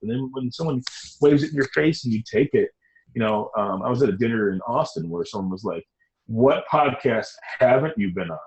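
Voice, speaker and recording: A middle-aged man talking as an interview guest, energetic and emphatic, rushing through stories and circling back. His voice sits at an ordinary middle pitch for a man. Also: highs cut off. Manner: animated, rambling, emphatic storyteller. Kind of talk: casual interview talk.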